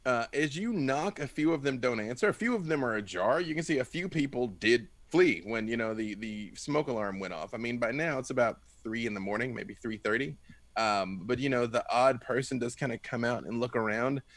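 A man runs a tabletop game with easy, rambling narration full of fillers. His voice sits at a middling pitch and comes across dry and close to the microphone. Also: expressive, brisk, no room sound. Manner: loose, filler-heavy narration with sudden character voices. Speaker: game master.

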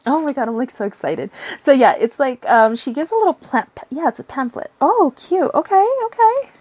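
A woman's voice: high voice, lively intonation, brisk, a little mellow, husky. A young woman with a gushing, giddy manner, unboxing and showing items as a tarot reader. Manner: giddy, gushing, swears and giggles often. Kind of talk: excited casual unboxing vlog.

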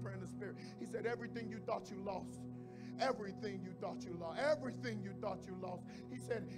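A male pastor preaching in church, moving from hushed tones to shouts and repeating phrases for emphasis. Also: high voice. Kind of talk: sermon. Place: church sanctuary with congregation. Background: music playing under the preaching.

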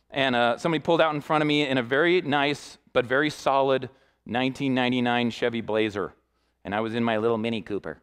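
A young male youth pastor preaching in a church, spinning a personal story with lively animation. His voice sits a little higher than most men's, and he slips into the voices of the people in his story as he goes. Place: church sanctuary.

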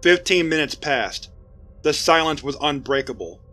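A man narrating a scripted horror story in a steady, even storytelling voice. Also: fairly high pitch, moderate pace. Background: faint music.

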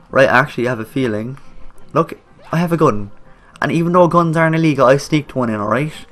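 A man's voice: mid-range voice, moderate pace, fairly bright tone, faint music behind. Irish accent, young man, rambling let's play chatter, coarse slang, jokey. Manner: rambling, jokey, talks back at the game characters. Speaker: gaming YouTuber.

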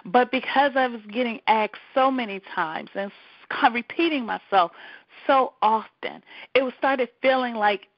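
Lady radio host venting, higher voice, kinda dull lo-fi sound. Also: moderate pace, no room sound. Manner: emphatic, repetitive, emotional. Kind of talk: personal monologue on talk radio.

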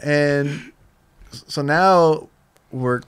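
A Southern California man in his fifties, appearing as a podcast guest, tells casual, profane stories with many restarts. His voice is on the high side, smooth, and very slow.

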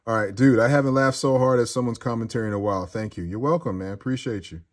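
A man's voice: mid-range voice, fast. A man casually chatting as a host while reading viewer comments, joking crudely and rambling. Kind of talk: casual livestream chat.

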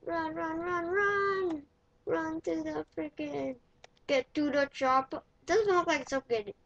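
A woman giving casual gameplay commentary, excitable and playful, often yelling when in danger. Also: very high voice, slow. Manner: playful, swaps swearing for mild words. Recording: dull lo-fi recording with faint noise.

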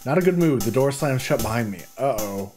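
A man's voice: mid-range voice, animated, fairly quick, a little mellow, faint music behind. A man casually commenting as he plays through a game, thinking aloud and reading the on-screen text with stumbles and restarts. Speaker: gaming video host. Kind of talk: casual let's-play commentary.

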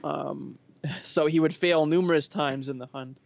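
Male guest, relaxed storyteller, slightly high voice, casual chat. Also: unhurried, creaky, muffled recording. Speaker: podcast guest.

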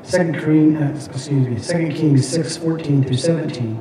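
Halting male teacher in an echoey room. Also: on the high side, steady tone, background noise. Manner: halting, frequent fillers and restarts. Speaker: Bible class teacher. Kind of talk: classroom lecture with scripture readings. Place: classroom. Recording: echoey room, mic at a distance.

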